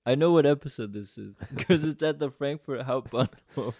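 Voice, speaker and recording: A man of middling pitch co-hosts a casual podcast. He jokes, laughs often and slips into voices for the people in his stories. His voice sounds dry and close to the mic. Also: moderate pace, a little mellow, no room sound. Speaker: podcast co-host. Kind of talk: casual chat.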